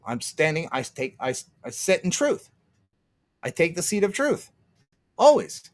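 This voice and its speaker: A man's voice: on the high side, wildly swooping pitch, unhurried. A man ranting on a livestream, profane and sarcastic, laughing often and answering his chat. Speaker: streamer.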